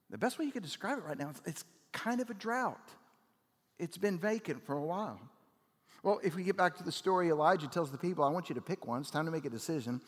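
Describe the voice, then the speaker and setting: Pastor with swings from loud to hushed. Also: male voice, animated, fairly quick. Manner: builds to loud emphatic peaks, then drops low and quiet; conversational, with "like" fillers and audience questions. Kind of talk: sermon. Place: church auditorium. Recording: long hall reverb.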